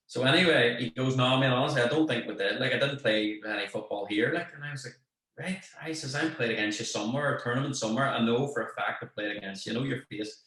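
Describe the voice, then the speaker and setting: A man with a Northern Irish accent telling a lively anecdote in casual chat, acting out what people said. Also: medium pitch, fast talker. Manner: animated anecdote, acts out quoted voices. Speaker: guest, football manager. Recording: very echoey room.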